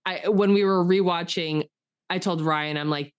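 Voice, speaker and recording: A woman's voice: lowish voice, steady tone, normal speed, clear, resonant tone. A woman co-hosting a casual podcast chat, rambling with many fillers and getting emotional about what she discusses. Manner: chatty, rambling, lots of "like" fillers; gets emotional and enthusiastic. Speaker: podcast co-host.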